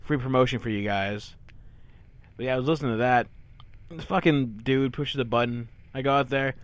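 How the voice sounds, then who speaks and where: A man's voice: medium pitch, moderate pace, muffled recording. A man co-hosting a casual podcast, telling stories in a crude, profane, ranting way. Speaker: podcast co-host.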